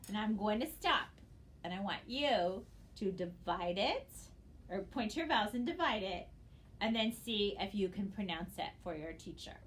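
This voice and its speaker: Woman teacher, mid-pitched voice, patient phonics lesson, letters spelled out slowly, faint hiss behind. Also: animated. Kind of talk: recorded phonics lesson for students.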